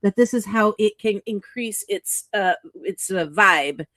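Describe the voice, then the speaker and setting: Animated woman giving a profane pep talk. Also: medium pitch, unhurried, dry recording, clean studio sound. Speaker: co-host, author. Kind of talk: casual motivational chat.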